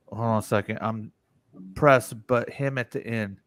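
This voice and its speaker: A man in his forties hosting a casual live-stream chat, animated and rambling, swearing often. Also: fairly low pitch, a little slow, dry recording.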